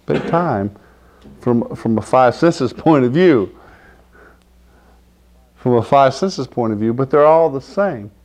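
A man's voice: medium pitch, a little mellow. Male preacher, casual sermon delivery, mid-range voice, conversational and questioning. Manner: conversational, asks "do you understand?" often; acts out quoted figures with laughter. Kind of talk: informal sermon with scripture reading.

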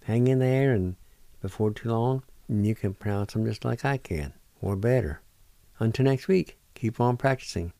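A man hosting a radio language lesson, spelling words out and pronouncing each one slowly, syllable by syllable, in a patient, encouraging way. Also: on the low side, vocal fry, dark tone, dry recording. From Oklahoma, United States. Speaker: language teacher on a radio show. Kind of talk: slow spelling and pronunciation lesson.

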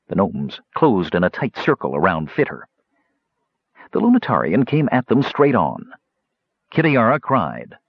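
A man reading a fantasy novel aloud in a measured storytelling manner. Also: on the low side, sing-song, slightly rough, no echo, dull audio. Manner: measured storytelling, character voices. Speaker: audiobook narrator. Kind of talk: scripted fantasy narration.

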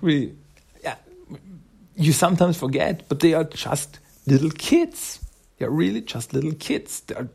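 A man's voice: medium pitch, vocal fry, husky. A man casually recapping a comic book's story, rambling with many fillers and acting out the characters' lines. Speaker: comic book reviewer.

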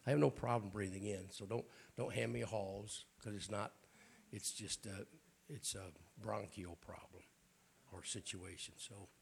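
Hoarse middle-aged preacher, raspy and gravelly, folksy sermon with asides to the congregation, faint room noise behind. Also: male voice, fairly low pitch, fairly even intonation, normal speed, few pauses. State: hoarse, clearing his throat. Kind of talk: informal Pentecostal sermon. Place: church.

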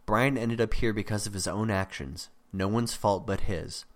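Guy reading a novel out loud, low voice, even delivery. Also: moderate pace. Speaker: audiobook narrator. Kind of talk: scripted narration.

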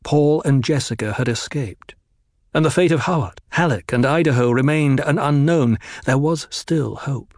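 A man's voice: mid-range voice, moderate pace, a little mellow, no echo. Man narrating an audiobook, dry sound.

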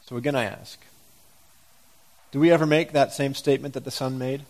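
A man's voice: medium pitch, fairly even intonation, fairly quick, darkish tone. A man preaching a sermon, reading scripture aloud and asking the congregation reflective questions.

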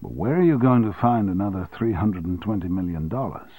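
A man reading an audiobook and voicing a calm, cautious male adviser who speaks in a measured way. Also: low-pitched, breathy edge, no room sound.

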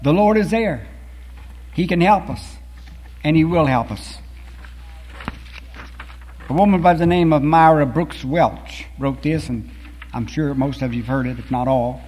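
Earnest preacher with husky voice, echoing hall. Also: male voice, on the high side, measured pace, pauses often, darkish tone. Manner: earnest, rises and falls in emphasis while reading scripture and poetry. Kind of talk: sermon. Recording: long hall reverb.

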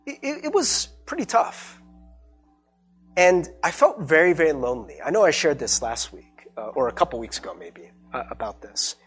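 Husky-voiced pastor telling a personal story. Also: male voice, on the high side, big pitch swings, fairly bright tone, soft background music. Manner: conversational, halting with many fillers and repeated words. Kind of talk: personal testimony sermon.

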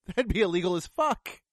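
Man, high-pitched voice, casual film chat, blunt and sweary, dry close sound. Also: no room sound. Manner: blunt, profane, sarcastic. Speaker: film reviewer. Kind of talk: casual movie review chat.

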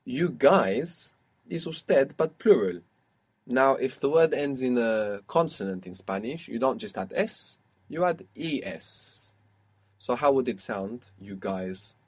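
A man's voice: mid-range voice, lively intonation, slow, breathy edge. A man teaching a language lesson, patiently prompting a learner and confirming her answers.

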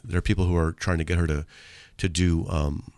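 A man's voice: low voice, steady tone, brisk, darkish tone, smooth, dry recording. A man hosting a radio show in a studio, chatting casually and joking. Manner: joking, reads hate mail aloud in mocking voices. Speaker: radio host. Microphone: studio mic.

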